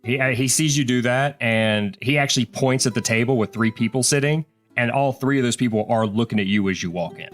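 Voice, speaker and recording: A man's voice: medium pitch, a little fast, faint music behind. A man narrating a tabletop game as game master, describing scenes in a loose, casual way.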